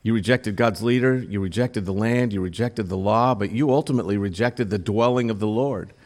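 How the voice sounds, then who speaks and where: With a lowish, somewhat dark voice and a brisk pace, a man preaches as a pastor. He reads scripture, explains it, and now and then rises in intensity while asking his audience direct questions.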